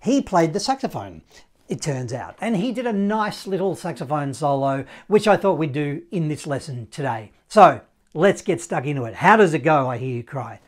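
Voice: medium pitch, very animated, moderate pace. Laid-back saxophone teacher scatting rhythms. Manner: casual, encouraging, scats rhythms and counts in. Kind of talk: online music lesson.

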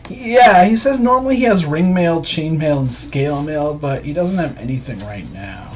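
A man's voice: a little high, lively intonation, normal speed, crowd noise. Chatty man running a tabletop game. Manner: loose, laughing, chatty narration. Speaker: game master.

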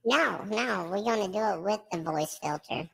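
A man's voice: sits high, normal speed, vocal fry, a bit bright, voice pushed up, heavily acted. A man talking through a voice filter as a brash, slangy streetwise eater, hyping up his food during a mukbang stream. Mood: bantering. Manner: swaggering, slangy hype talk while eating.

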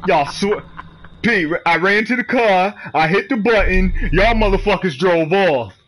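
Animated, profane man streaming a game. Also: sits high, a little slow, faint music behind, rough recording. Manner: profane, animated trash talk. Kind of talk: live gameplay commentary.

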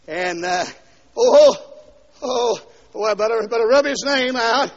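A man preaching a fiery revival sermon, dropping to quiet asides and then shouting and singing out lines, heard on a dull 1970s LP recording from a church. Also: very high-pitched, slow pace. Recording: dull 1970s LP recording with long hall echo.

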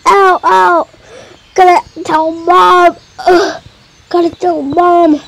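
A woman's voice: very high voice, little pitch movement, very slow, creaky, a bit bright, voice pushed up, full character voice. A woman voicing a whiny young boy who yelps and cries out in pain. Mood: panicky. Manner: yelping, shrieky cries of pain.

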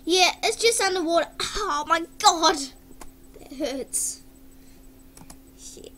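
A woman's voice: very high-pitched, slow, sharp tone, a little hiss or hum. A woman vlogging casually at her computer, exclaiming, giggling and humming along, recorded through a webcam mic. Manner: giggly, exclaims often, hums and sings along.

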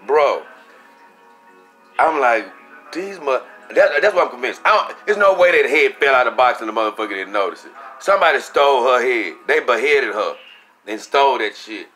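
A young man casually telling a story for his vlog, animated and profane, acting out what he said at the time. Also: mid-range voice, brisk, soft background music. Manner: animated, profane, acts out his own quotes. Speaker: vlogger.

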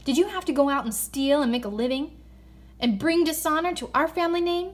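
A woman voicing a jealous, greedy man who speaks loudly and gruffly. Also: high-pitched, fairly quick, pitched above the performer's own voice, close to an everyday voice. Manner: loud and gruff.

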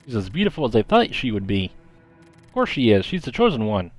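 A man voicing eerie living dolls who greet a girl in a slow, ominous way. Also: mid-range voice, huge pitch swings, no echo, soft background music.

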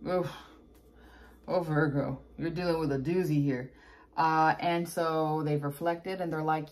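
A woman's voice: low voice, steady tone, measured pace, a little mellow. A woman giving a casual tarot reading, chatty and blunt, with exasperated asides. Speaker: tarot reader.

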